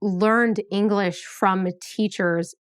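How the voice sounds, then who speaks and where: A woman's voice: mid-range voice, fairly even intonation, very slow, clear, resonant tone, no echo, clean studio sound. A woman hosting a podcast, chatting casually and animatedly with lots of fillers. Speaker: podcast host. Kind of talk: casual conversational interview.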